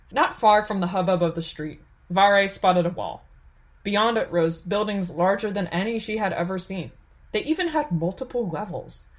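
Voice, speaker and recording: A woman reads a fantasy audiobook in a steady, measured storytelling voice. Her voice sits fairly low for a woman, and she keeps an even, unhurried pace through the narration.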